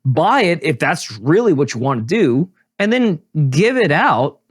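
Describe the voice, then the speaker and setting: A man's voice: on the high side, unhurried, husky. A man co-hosting a podcast, rambling and joking in casual chat. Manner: rambling, jokey, animated. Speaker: podcast co-host.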